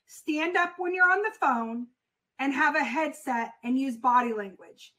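Bright, high-voiced woman coaching a class. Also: low-quality recording. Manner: instructive and repetitive, with fillers; conversational, addresses the class directly. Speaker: sales coach for freight brokers. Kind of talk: casual spoken lesson.

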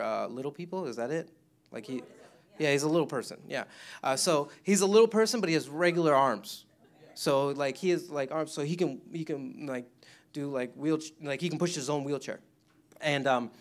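Rambling, laughing man giving a church testimony. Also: a little high. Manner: rambling, laughing often, many restarts. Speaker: mission trip member giving testimony. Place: church service.

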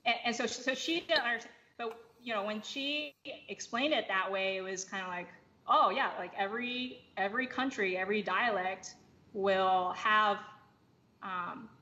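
A woman's voice: mid-range voice, steady tone, moderate pace, sharp tone. A woman guest on a podcast, explaining things in a casual, thoughtful way with many fillers and restarts. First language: English. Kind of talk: casual chat. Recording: slightly dull lo-fi audio with faint noise.

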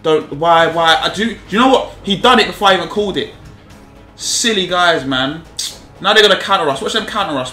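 Young man yelling over a football game. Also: a little high. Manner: animated, pleading and exasperated, slangy. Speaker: gaming YouTuber. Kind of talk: live game commentary. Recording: echoey room with music behind.

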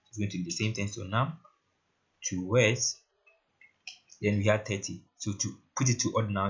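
A man talking through a screen-recorded coding tutorial in a casual way, often asking "right?" while he works. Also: fairly low pitch. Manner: casual, repeats "right?" and "very interesting". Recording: lo-fi muffled mic. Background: keyboard typing and clicks.

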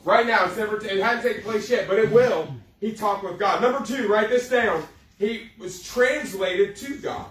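High-voiced preacher in an echoey hall. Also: male voice, fairly bright tone, far from the mic. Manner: folksy, joking, preaching with dramatic slow emphasis. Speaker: youth pastor. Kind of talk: sermon. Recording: echoey room, speaker away from mic.

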